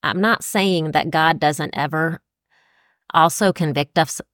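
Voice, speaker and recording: A woman's voice: low-pitched, unhurried, fairly bright tone, dry recording. Earnest woman podcast co-host, dry sound. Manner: earnest, reflective, cites scripture. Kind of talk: Christian podcast talk.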